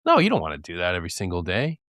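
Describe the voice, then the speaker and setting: Man, deep smooth voice, candid and earnest in podcast talk, dry close sound. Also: wildly swooping pitch, very fast, a bit bright, no echo. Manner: earnest, candid storytelling with acted quotes and laughs. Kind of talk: casual podcast chat.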